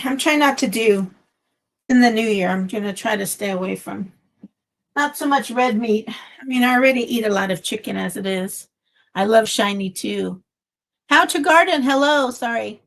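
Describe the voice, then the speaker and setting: A woman's voice: medium pitch, creaky. A woman hosting a casual craft live stream from home, chatting in a meandering way with lots of fillers, recorded on a phone. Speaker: craft channel host.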